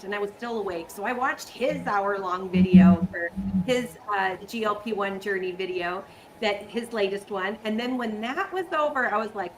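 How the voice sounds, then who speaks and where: A woman hosting a casual interview, chatty and excitable. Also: mid-range voice, slight background noise, poor audio. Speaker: host.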